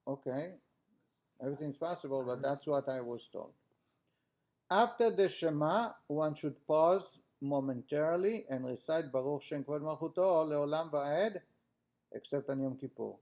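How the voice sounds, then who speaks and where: A man's voice: fairly high pitch, measured pace, a little mellow. A man teaching a class, reading a text aloud and then explaining it in plain words with frequent restarts.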